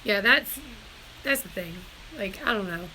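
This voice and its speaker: A woman's voice: medium pitch, animated, unhurried, noisy background. A woman on a casual live stream from her barn, emotional and tearful, rambling as she talks to her viewers. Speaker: homestead vlogger.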